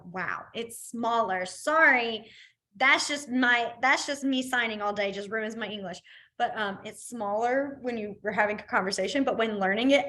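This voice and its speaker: A woman's voice: on the high side, fairly bright tone. A young adult woman teaching a sign language class online, chatty and rambling, with many fillers and easy laughter.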